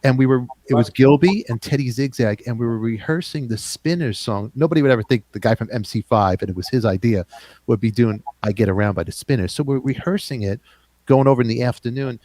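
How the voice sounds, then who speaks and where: A man's voice: mid-range voice, fast talker, darkish tone, no room sound, low-quality recording. A middle-aged man with a New York accent, hosting a casual interview and talking in chatty bursts. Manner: chatty, talks in bursts with restarts. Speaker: podcast host.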